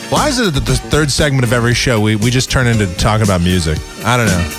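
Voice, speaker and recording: A man's voice: medium pitch, animated, fast, over loud music. A man hosting a comedic talk radio show, ranting sarcastically. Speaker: radio host.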